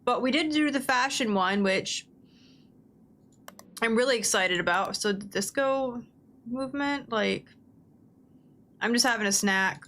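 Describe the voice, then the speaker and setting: A woman's voice: fairly high pitch, unhurried, pauses often, fairly bright tone, a little hiss or hum. A woman gaming livestreamer chatting casually at her desk, talking bluntly and swearing freely while she plays.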